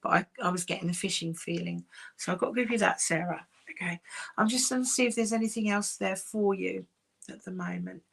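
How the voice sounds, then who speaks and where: A woman working as a psychic medium, giving live-streamed readings in a soft, reassuring, chatty way with many pauses. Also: fairly low pitch, gravelly, slightly rough. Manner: soft, reassuring, calls sitters "my darling".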